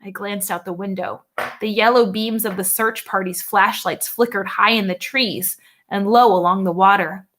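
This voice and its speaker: A woman's voice: mid-range voice, steady tone, normal speed, fairly bright tone. A woman narrating a first-person children's novel with a vivid, urgent reading. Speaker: audiobook narrator.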